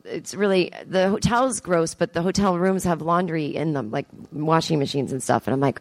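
A woman comedian telling a story live on stage, self-mocking and animated, acting out her own thoughts. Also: on the low side, fairly quick, hardly any pauses, no echo. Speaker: comedian and podcast host. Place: theatre stage with audience.

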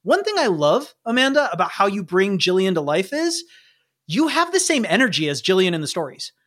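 A man's voice: high-pitched, sing-song, a little fast, fairly bright tone. A man running a tabletop role-playing game as game master, chatting casually and laughing often. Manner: casual, laughing, restarts mid-sentence.

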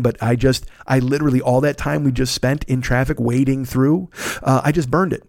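A man's voice: medium pitch, fairly even intonation, a little fast, gravelly, darkish tone, dry recording, studio quality. Profane rambling middle-aged man. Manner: profane, rambling, self-deprecating. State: worn out and recovering from illness. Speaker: podcast host. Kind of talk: casual storytelling monologue.

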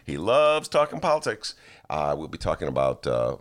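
A man hosting a talk show, telling a comic story with excited, high-pitched asides. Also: moderate pace. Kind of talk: casual comedic monologue.

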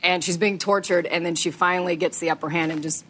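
A woman's voice: on the low side, steady tone, fast, fairly bright tone, slight background noise. Laughing woman in her thirties on a panel. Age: 30s. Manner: candid, laughs often, swears casually. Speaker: actress guest at a fan panel. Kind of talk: casual panel chat.

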